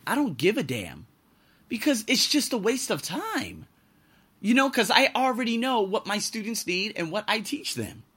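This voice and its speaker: High-pitched, pushed and bright, the man's voice carries a casual podcast monologue. He teaches English and lives and works abroad, and here he rants bluntly about his job, swearing freely.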